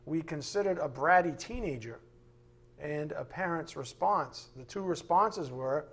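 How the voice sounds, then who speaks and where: A man leads a Bible class in a loose, conversational way. His voice sits a little high for a man, and he jokes and slips into playful voices while he teaches. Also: a little slow, breathy edge. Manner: animated, joking, acts out voices.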